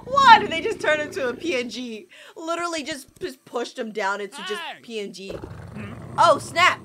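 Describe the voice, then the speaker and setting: A young woman hosting a reaction video, excitedly commenting and laughing often. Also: sits high, moderate pace, a crowd in the background. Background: video soundtrack music playing.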